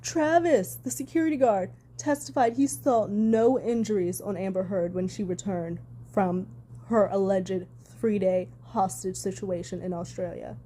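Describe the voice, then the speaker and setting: A woman's voice: medium pitch, measured pace, mellow, slight background noise. A woman talking on her own channel in casual reaction commentary, heated and sarcastic, swearing hard for emphasis. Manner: sarcastic asides. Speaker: commentary vlogger.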